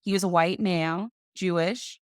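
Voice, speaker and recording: A woman guest on a podcast, telling her own story in an animated conversational way. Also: on the low side, normal speed, clean tone, no room sound, clean studio sound. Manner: animated, acts out other people's voices in quotes.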